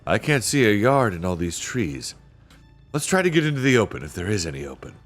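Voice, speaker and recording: A brisk, proper schoolboy who takes charge of his siblings, read by a man has a low voice with animated rises. Faint music plays behind the storybook reading. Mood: steady.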